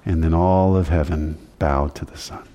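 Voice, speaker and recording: A male pastor giving a conversational teaching sermon, his voice climbing higher when he stresses a point. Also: steady tone, normal speed, dark tone. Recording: long hall reverb.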